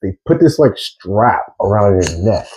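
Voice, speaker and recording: A man's voice: on the low side, animated, measured pace, darkish tone, slightly rough. A young man co-hosting a podcast, telling rambling, filler-heavy stories in casual chat. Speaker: podcast co-host.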